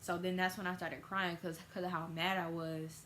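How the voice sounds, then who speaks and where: A woman's voice: flat delivery, normal speed, a bit bright, slight background noise. Teen girl telling a storytime vlog. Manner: casual storytelling, acts out quoted voices with big pitch jumps. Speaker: vlogger.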